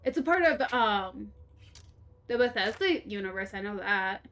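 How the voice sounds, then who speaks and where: A woman's voice: mid-range voice, expressive, unhurried, a bit bright, a little hiss or hum. A young woman streaming a game, rambling through a story in casual chat, laughing and swearing freely. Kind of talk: casual storytelling while playing.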